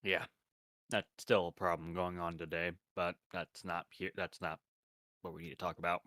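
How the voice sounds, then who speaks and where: A man's voice: low-pitched, level tone, normal speed, bright, forceful tone, no room sound, studio quality. A man in casual chat, rambling and restarting his sentences while explaining things.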